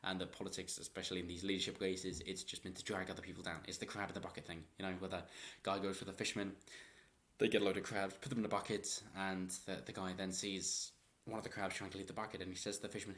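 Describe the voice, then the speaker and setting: A man's voice: low-pitched, little pitch movement, fast talker, a bit bright. A man giving rambling, opinionated political commentary in a vlog and chuckling often.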